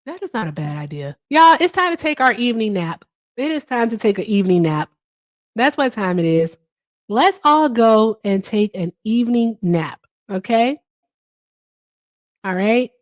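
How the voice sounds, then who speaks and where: A woman's voice: on the high side, lively intonation, moderate pace, dry recording. A woman hosting a casual livestream. She is chatty and upbeat, says "all right" often and swears casually. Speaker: livestream host.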